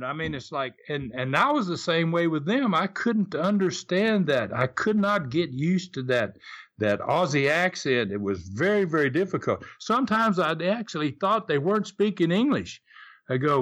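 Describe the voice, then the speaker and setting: A man's voice: a little high, big pitch swings, normal speed, a bit bright. An older man with a Southern US accent, reminiscing in a casual interview as a retired wrestler, telling stories in a rambling way with frequent restarts. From Southern United States. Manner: rambling storyteller with repeated restarts.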